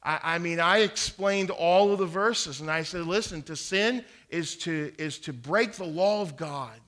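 A man's voice: fairly high pitch, measured pace, a bit bright. A middle-aged man preaching earnestly, teaching how to share the gospel, reciting King James verses and stumbling on repeated words. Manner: earnest, repeats words when starting sentences. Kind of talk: evangelism teaching talk.

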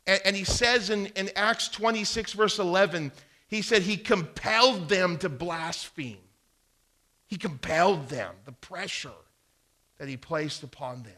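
Slow, bright-voiced male preacher. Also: high-pitched. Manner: slow emphatic preaching with repeated phrases and quoted scripture; volume rising and falling for emphasis. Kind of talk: sermon.

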